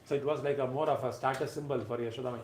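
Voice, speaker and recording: A man giving a devotional lecture, emphatic, swinging between loud and soft phrases and briefly chanting verses. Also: medium pitch, steady tone, rapid-fire, echoey room, a little hiss or hum.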